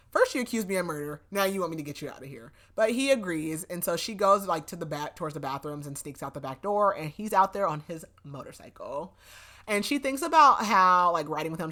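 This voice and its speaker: A woman's voice: low voice, sharp tone. A young woman hosting a podcast, recapping a novel in a casual, chatty way with lots of fillers and frequent laughs. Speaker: podcast host. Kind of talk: casual book recap chat.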